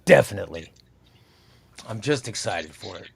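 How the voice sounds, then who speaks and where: Lively man reading comic titles aloud. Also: lowish voice, creaky. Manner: reads titles aloud and decides quickly. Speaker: comic show host. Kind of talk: casual chat.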